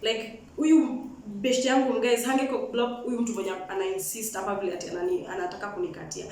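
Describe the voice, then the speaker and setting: Animated Kenyan woman, high voice, echoey room. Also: moderate pace. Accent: Kenyan, mixing Swahili and Sheng. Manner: animated, frank, switches between English and Swahili. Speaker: vlogger telling a personal story. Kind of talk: storytime vlog. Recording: echoey room, mic at a distance.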